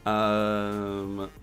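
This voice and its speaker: A streamer in their twenties chatting casually to a live chat, playful and quick to laugh. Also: low voice, a bit bright. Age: 20s.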